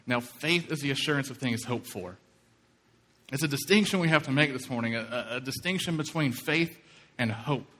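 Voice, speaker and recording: Man, pastor, from Kentucky, sermon, storytelling, middle pitch, long church reverb. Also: fairly bright tone. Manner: storytelling, acting out quoted voices.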